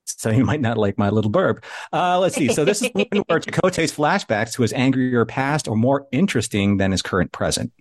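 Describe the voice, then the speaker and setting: A man's voice: medium pitch, lively intonation, brisk, few pauses, no room sound, studio quality. Casting: playful male podcast co-host, mid-range voice, upbeat chatty delivery. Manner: upbeat, playful, reads chat aloud. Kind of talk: live show chat.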